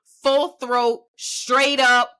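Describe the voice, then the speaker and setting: An enthusiastic woman co-hosts a casual podcast. Her voice is bright and fairly high, and she stresses her words emphatically. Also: level tone, drawn-out words, clear, resonant tone. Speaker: podcast co-host. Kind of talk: casual reaction chat.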